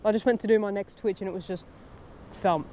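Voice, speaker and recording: Laid-back Australian fishing vlogger. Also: male voice, sits high, rapid-fire, slight background noise. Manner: laid-back, excitable bursts, slangy. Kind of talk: casual commentary while fishing. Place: outdoors on a shoreline by water.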